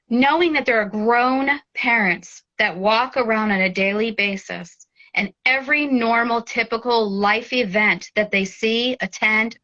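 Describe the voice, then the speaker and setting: Woman, forties, tearful, heartfelt, halting restarts, bright tone. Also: fairly high pitch, highs cut off. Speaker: guest. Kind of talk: emotional interview.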